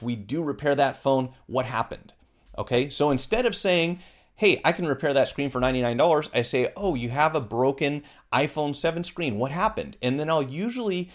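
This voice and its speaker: Chatty man coaching on sales. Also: a little high. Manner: conversational, acts out customer dialogue with fillers. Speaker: phone repair shop owner. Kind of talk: casual instructional talk.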